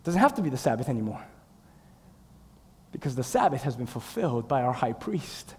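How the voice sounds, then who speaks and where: A man preaching a fervent sermon, swinging from shouts to hushed asides. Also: mid-range voice, very animated, brisk, husky. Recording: long reverb in a large hall.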